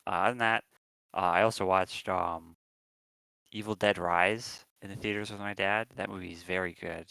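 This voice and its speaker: A man's voice: low-pitched, fairly even intonation, moderate pace, gravelly, pushed and bright, clean tone, no echo, poor audio. A man co-hosting a podcast, chatting casually and rambling with lots of ums and restarts. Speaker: podcast co-host. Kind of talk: casual chat.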